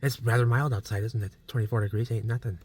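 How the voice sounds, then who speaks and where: A chatty man rambles through a casual outdoor vlog beside old brick mills, speaking at an average pitch. He talks in a folksy way, circling back to the same phrases. His voice is caught on a handheld camera out in the winter air. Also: fairly even intonation, quick pace, a little mellow, breathy edge. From Minnesota. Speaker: vlogger exploring old buildings.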